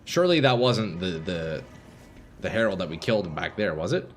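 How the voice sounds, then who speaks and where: A man streaming live gameplay, commenting casually to his viewers and swinging from calm explanation to excited shouting. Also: sits low, moderate pace, slight background noise. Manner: casual, profane, addresses chat as boys.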